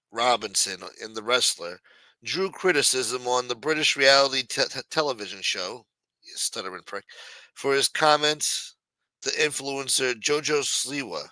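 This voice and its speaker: On a streaming mic, a man hosts a livestream of casual news commentary that is brash, profane and mocking. His mid-range voice has a sharp tone, and the rough recording has no room sound.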